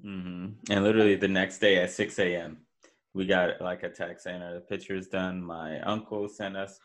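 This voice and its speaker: A man hosting a casual podcast chat, answering in a relaxed way. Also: low-pitched, moderate pace. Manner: relaxed, short agreeing replies. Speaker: podcast host.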